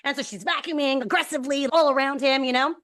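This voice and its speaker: A woman co-hosting a podcast, retelling a story in a lively, storytelling way. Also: high-pitched, fast talker. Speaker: podcast co-host. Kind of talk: reflective conversational podcast.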